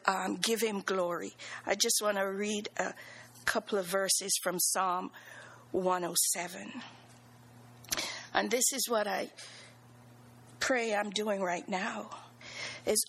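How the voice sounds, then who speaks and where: A middle-aged woman giving an earnest, halting testimony of thanks in church, sometimes dropping into soft whispered phrases. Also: medium pitch, creaky, breathy edge, low-quality recording.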